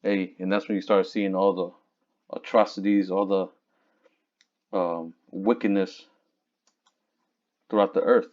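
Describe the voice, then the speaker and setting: A man teaching from scripture in a casual, conversational way, reading verses slowly and looking up words aloud. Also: deep voice, level tone. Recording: dull lo-fi recording.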